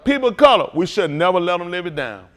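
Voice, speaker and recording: A man preaching as a pastor in a fiery talk, swinging from low mutters to loud outbursts. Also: sing-song, quick pace.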